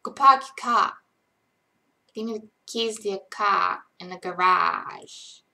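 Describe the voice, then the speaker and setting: A woman putting on a brash Boston character with a mock Boston accent, loud and gruff. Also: mid-range voice, slow pace, exaggerated voice. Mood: bossy. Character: loud brash Boston man-on-the-street type.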